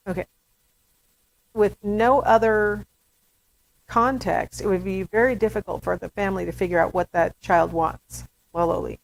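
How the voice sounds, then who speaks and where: A woman's voice: medium pitch, creaky, rough recording. A woman giving a recorded lecture to students in a chatty style, with playful asides. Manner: acts out baby talk in demonstrations. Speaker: university lecturer.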